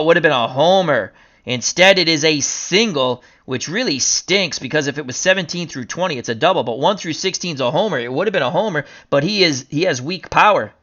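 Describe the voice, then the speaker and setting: A man calling a tabletop baseball dice game as a jokey, excitable play-by-play announcer. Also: fairly high pitch, lo-fi sound.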